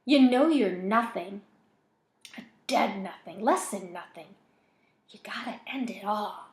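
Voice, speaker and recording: A woman reading a novel aloud, voicing a cruel, hateful male voice in a boy's head with a soft, menacing whisper. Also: mid-range voice, expressive, unhurried, reverberant, natural voice. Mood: contemptuous.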